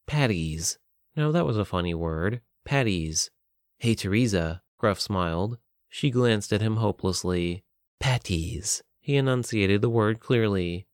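Clear-voiced male audiobook narrator. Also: mid-range voice, no echo, clean studio sound.

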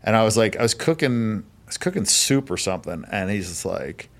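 A man in his thirties talks casually as a guest, his voice sitting fairly low. He tells stories in a loose, laid-back way, full of fillers and curse words. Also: sing-song, brisk. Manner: laid-back, profane storytelling. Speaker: podcast guest. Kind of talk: casual chat.

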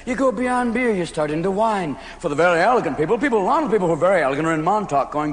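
A man performing stand-up comedy, rapid-fire and jumping into many silly voices, recorded at a live venue. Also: high voice, animated. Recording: loud live audience, noisy hall reverb.

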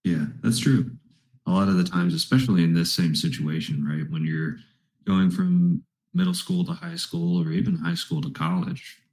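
A young man with a very deep, gravelly voice, stuffed-up as if he has a cold. He talks thoughtfully and easily, his pitch swinging lively up and down, in an echoey room. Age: 20s. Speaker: podcast co-host. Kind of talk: casual chat.

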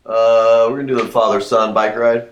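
A man's voice: medium pitch, level tone, moderate pace, echoey room, a little hiss or hum. A man co-hosting a podcast, telling a long casual anecdote with lots of "uh" and "like". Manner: rambling anecdotes with many fillers. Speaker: podcast co-host. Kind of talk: casual chat, storytelling.

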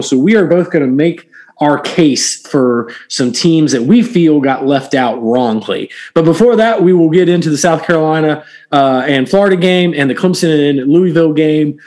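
Animated, chatty higher-voiced man. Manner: animated, lots of fillers and restarts. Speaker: podcast co-host. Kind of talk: casual sports chat.

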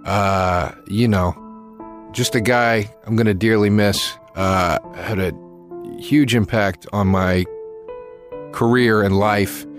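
A man giving a spoken tribute to a late friend, halting and full of fillers, livelier when he tells a story. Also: lowish voice, steady tone, faint music behind.

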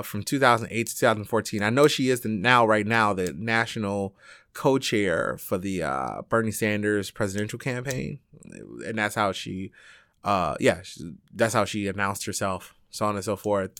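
A man with a stuffy nose from allergies, casually recounting an event with lots of fillers and restarts, growing animated as he goes. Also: fairly low pitch, creaky, clear, resonant tone, no echo, clean studio sound. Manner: rambling, many fillers and restarts; grows excited and animated while retelling. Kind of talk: casual spoken recap.

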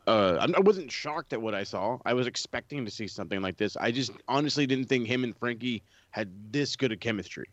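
A man's voice: mid-range voice, animated, fairly quick, hardly any pauses, a bit bright, dry recording. A man co-hosting a casual wrestling podcast, blunt and swearing freely. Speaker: podcast co-host. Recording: dry, dull lo-fi sound.

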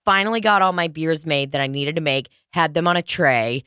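Low-voiced woman, profane storyteller. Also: a little fast, sharp tone, smooth, no room sound, clean studio sound. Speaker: podcast host. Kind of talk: casual chat.

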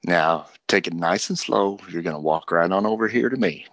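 A man voicing Hurley, a gruff armed outlaw gunman, in a tabletop role-play. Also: low voice, normal speed, fairly bright tone, no echo. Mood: menacing.

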